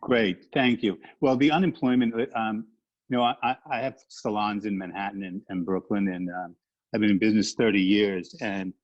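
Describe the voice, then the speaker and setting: A middle-aged man, a business owner, asking a question on a webinar in a halting, earnest, emotional way with many fillers. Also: on the low side, fairly even intonation. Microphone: video call. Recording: muffled lo-fi video call audio.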